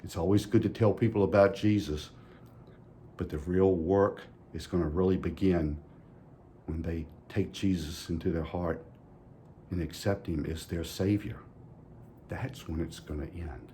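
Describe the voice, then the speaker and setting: A man's voice: sits low, steady tone, a little slow, dark tone, a little hiss or hum. A man giving a children's message at church in a folksy way, asking the kids playful questions. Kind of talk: children's sermon.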